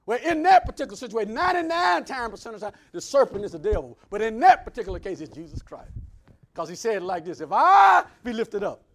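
High-voiced preacher, loud then hushed. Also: male voice, expressive, fast. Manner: swings between loud preaching and hushed asides. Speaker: pastor. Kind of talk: sermon.

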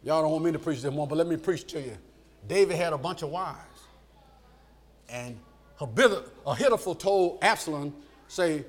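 A man preaching a sermon in an animated call-and-response style, acting out the voices in the stories he tells. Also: fairly high pitch, a little fast.

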